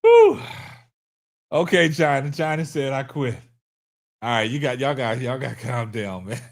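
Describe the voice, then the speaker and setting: A man's voice: mid-range voice, normal speed, vocal fry. A man hosting a live stream, laughing hard and whooping between casual remarks to his chat. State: laughing to tears. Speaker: livestream host.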